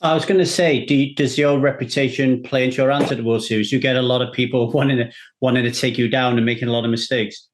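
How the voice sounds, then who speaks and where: Man hosting, reflective and measured. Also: medium pitch, steady tone. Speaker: podcast host. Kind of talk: casual interview talk.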